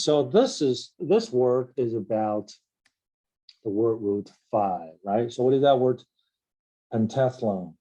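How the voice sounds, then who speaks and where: Guy teaching vocab slow and steady, spells stuff out letter by letter, says "right?" a lot, dark mellow voice. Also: mid-range voice, poor audio. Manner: explains word roots, spells words out letter by letter, frequent "right?" and "uh". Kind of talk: recorded vocabulary lesson.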